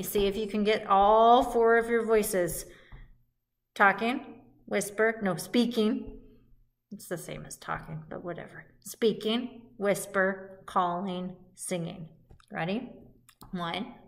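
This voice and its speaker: A woman's voice: medium pitch, fairly even intonation, unhurried. A woman teaching a music lesson to young children in a cheerful, sing-song call-and-response way, recorded at home.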